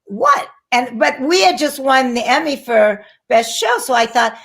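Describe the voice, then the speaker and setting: A middle-aged woman with a slightly high voice tells a story as an interview guest. She talks casually and animatedly, jumping into the voices of the people she quotes. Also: expressive, normal speed, vocal fry. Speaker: guest, actress and flight attendant.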